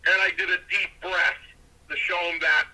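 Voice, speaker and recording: An older man, a former wrestler, telling a story casually with a husky voice and acting out what others said in their voices. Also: high-pitched, normal speed, rough recording. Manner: animated, acts out other people's lines in their voices.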